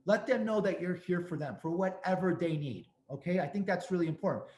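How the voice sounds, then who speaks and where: A man's voice: high-pitched, a little fast, a little mellow, reverberant. A man hosting a talk, giving earnest, emphatic advice and stressing his key points over and over. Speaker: host and speaker on restaurant accessibility.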